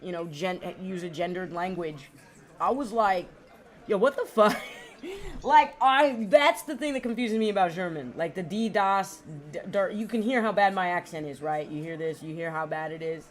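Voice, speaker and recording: A woman's voice: fairly low pitch, animated, normal speed. A woman streamer chatting casually and profanely with her viewers while gaming, rambling and laughing.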